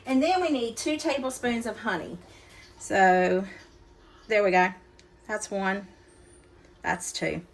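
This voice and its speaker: A woman's voice: mid-range voice, slow pace, long pauses. A woman hosting a casual cooking demonstration in her home kitchen, chatty and folksy, talking straight to her viewers. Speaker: cooking channel host. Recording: kitchen clatter of dishes and utensils.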